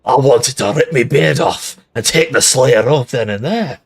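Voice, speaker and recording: A man voicing a grumpy, foul-mouthed male dwarf in a rough attempt at a Scottish accent, ranting in a raised, gruff voice. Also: mid-range voice, measured pace, crowd noise.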